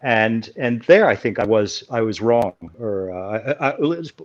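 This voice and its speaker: A man's voice: lowish voice, expressive, normal speed, lo-fi sound. A man answering interview questions as an academic guest, explaining at length and correcting himself as he goes.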